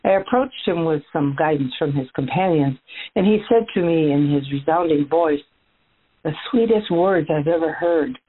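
A woman's voice: low voice, moderate pace, slightly rough. A woman speaking as a formerly blind male beggar, telling his story in the first person and addressing listeners directly. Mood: earnest. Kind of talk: first-person dramatic monologue. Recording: tinny phone-like audio.

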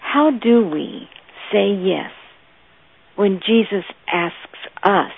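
A woman preaching a sermon in a slow, deliberate, meditative way. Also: mid-range voice, animated, creaky, husky. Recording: tinny, phone-like dry audio.

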